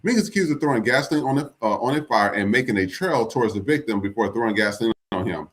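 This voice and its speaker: Man, podcast host, casual chatty delivery, mid pitch. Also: lively intonation, quick pace. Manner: loose, chatty, with fillers.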